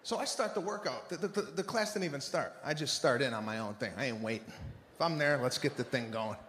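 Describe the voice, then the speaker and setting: A man doing a stand-up set, animated and exasperated, acting out the people around him. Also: mid-range voice, a little fast, a little hiss or hum. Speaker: stand-up comedian. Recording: live room with hall echo.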